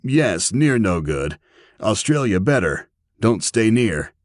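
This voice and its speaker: A man voicing a large, friendly Russian man with a strong Russian accent who speaks halting, broken English. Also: fairly low pitch, very animated, no room sound, clean studio sound, voice pushed up, exaggerated voice. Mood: friendly, curious.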